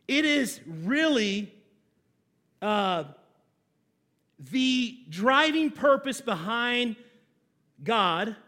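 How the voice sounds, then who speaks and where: A man pastor preaching a sermon in a church, leading call-and-response with slow, deliberate delivery and sudden loud emphases. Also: extremely high pitch.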